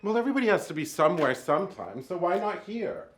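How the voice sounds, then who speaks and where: A man's voice: high-pitched, big pitch swings, quick pace. A man voicing a flamboyant, theatrical male djinn spirit with a grandiose, teasing delivery. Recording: roomy echo.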